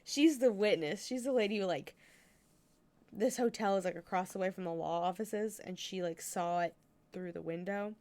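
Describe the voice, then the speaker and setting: A woman's voice: mid-range voice, normal speed, darkish tone. A woman streamer chatting casually while playing a video game, filling her talk with "like" and giggling. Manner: chatty, says "like" often, giggly.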